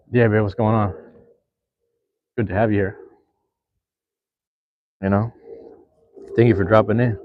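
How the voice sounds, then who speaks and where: A young man hosting a live stream, chatting with viewers in a relaxed, slangy, rambling way. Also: lowish voice, highs cut off. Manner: laid-back, slangy, rambling. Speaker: livestream host. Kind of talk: casual live chat with viewers.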